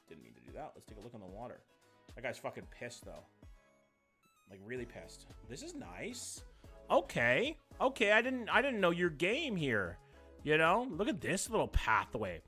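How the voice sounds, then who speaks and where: A young man, doing live-stream commentary, reacting to chat in a jokey, profane, animated way. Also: medium pitch.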